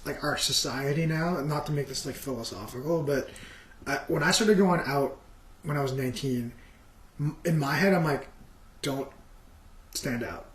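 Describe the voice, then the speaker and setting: A man's voice: fairly high pitch, moderate pace, a bit bright, reverberant, low-quality recording. A man in casual podcast chat, hesitant and self-deprecating. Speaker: guest.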